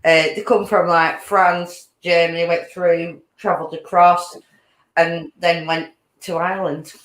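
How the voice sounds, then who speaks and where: A woman's voice: on the low side, little pitch movement, measured pace, echoey room. A woman hosting a casual chat, rambling along and laughing often. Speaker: podcast host.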